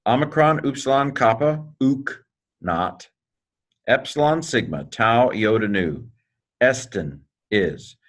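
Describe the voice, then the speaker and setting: A man teaching a recorded lesson in an informal, joking way, clearing his throat often. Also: mid-range voice, expressive, takes it slowly. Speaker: Greek teacher.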